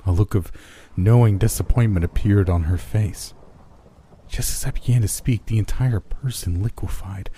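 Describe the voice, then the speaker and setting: A man narrating a horror story in a measured, dramatic way. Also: on the low side, warm tone, a little hiss or hum.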